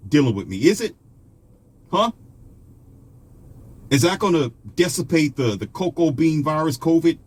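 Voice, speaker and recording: A man delivering a confrontational, mocking monologue to his viewers, scolding them and preaching his own predictions. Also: a little high. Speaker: online commentator. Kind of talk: ranting monologue.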